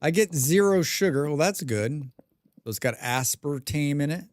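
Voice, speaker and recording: A man on a live game stream, chatting loosely with his viewers and reading their messages aloud. His voice sits a little high for a man, and the sound is close and dead, with no room around it. Between remarks he hums and mumbles to himself. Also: expressive, moderate pace, dry recording. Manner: reads viewer chat aloud and answers with dry, rambling jokes. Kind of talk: casual live-stream chat while playing a survival game.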